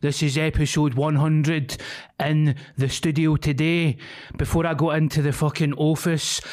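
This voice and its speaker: A Scottish man co-hosting a podcast, sweary and laughing through rowdy banter. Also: a little high. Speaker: podcast co-host. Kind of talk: casual banter.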